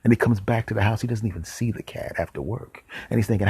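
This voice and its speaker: A man hosting a podcast, telling absurd comic stories deadpan and dropping whispered asides. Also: fairly low pitch, a little fast, creaky, few pauses, breathy edge, dry recording. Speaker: podcast host. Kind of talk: comic storytelling monologue.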